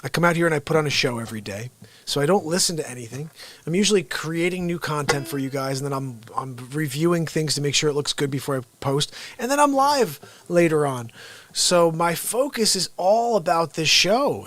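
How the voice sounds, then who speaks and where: A man hosting his own unscripted livestream, chatting casually in an excitable, rambling way with frequent restarts. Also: fairly high pitch, no echo. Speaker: livestream host and impressionist.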